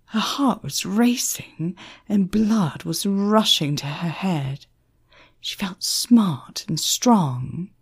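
A woman narrates an audiobook at an unhurried pace, her low voice breathy and husky. Her pitch moves a lot as she tells the scene. She reads in a lively storytelling manner. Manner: slow, expressive storytelling.

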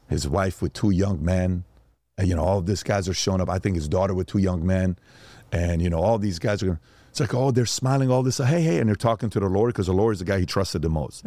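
A man's voice: deep voice, darkish tone, dry recording. A man, a father, telling stories as a podcast guest and acting out the voices of the people in them. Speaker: father of young sons. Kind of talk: animated storytelling.

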